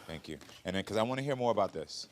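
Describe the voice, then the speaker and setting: A man hosting a talk show, mediating calmly and empathetically between guests. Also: lowish voice, a little hiss or hum. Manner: calm, measured, guiding and empathetic.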